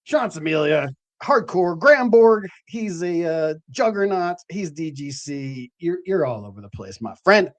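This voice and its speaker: Lively, higher-voiced man rambling casually. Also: measured pace, no echo. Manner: rambling storytelling with many fillers and swearing. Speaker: host of a cannabis growing show. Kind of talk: casual late-night show chat.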